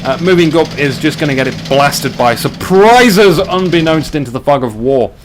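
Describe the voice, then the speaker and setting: A man calls a live strategy match in a loose, excitable way, joking with the players as he goes. His voice sits a bit high and he is hiccuping. A faint hiss sits under the recording. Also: moderate pace. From Australia. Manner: chatty, excitable, jokey. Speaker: game commentator. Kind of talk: live strategy game commentary.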